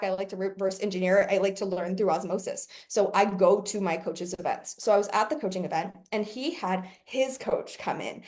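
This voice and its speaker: A woman business coach talking casually to her audience, brash and profane, laughing often between points. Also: medium pitch.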